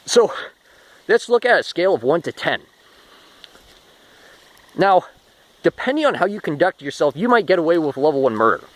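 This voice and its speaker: A man's voice: on the high side, very animated, moderate pace, long pauses, rough recording. A man talking through a rambling spoken monologue, restarting often and swearing casually. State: short of breath.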